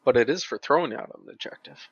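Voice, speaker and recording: A man on a casual podcast who makes measured points while arguing over rules. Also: medium pitch, fairly bright tone, slightly rough, no room sound, dull audio.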